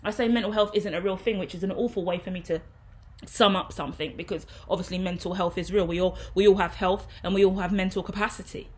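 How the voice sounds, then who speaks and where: A woman speaks in a loose, rambling vlog monologue. Her voice sits at an ordinary mid pitch, and she talks frankly, with the easy flow of someone thinking aloud. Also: fairly even intonation, fast, slight background noise. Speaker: tarot reader and medium.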